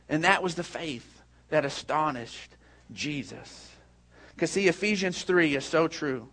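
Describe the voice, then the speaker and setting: High-voiced preacher telling stories. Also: male voice, expressive, a little slow. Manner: storytelling, swings from hushed to raised. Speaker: pastor. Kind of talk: sermon.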